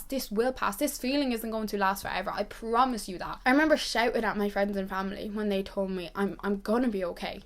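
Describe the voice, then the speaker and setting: A twenty-year-old woman giving an earnest, reassuring pep talk to camera, repeating herself for emphasis. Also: fairly high pitch. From Ireland. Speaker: vlogger.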